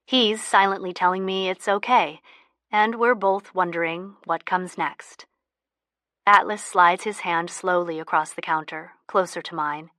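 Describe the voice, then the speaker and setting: A woman narrating a first-person audiobook in a soft, intimate manner, close to the mic. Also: lowish voice, fairly even intonation, unhurried, dry recording.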